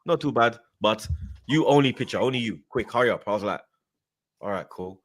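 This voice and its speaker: A man's voice: medium pitch, a little fast. A young man hosting a casual fan stream, reading out chat and telling stories with lots of slang and laughter. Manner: animated storytelling with slang, laughing, mimicking voices. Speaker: fan channel host.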